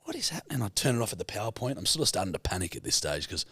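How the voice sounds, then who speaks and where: A man in his thirties with an Australian accent, co-hosting a podcast and telling stories in a loose, animated way with plenty of swearing. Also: fairly low pitch, rapid-fire, husky, dry recording. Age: 30s. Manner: swears freely, animated storyteller. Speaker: podcast co-host. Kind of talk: casual storytelling chat.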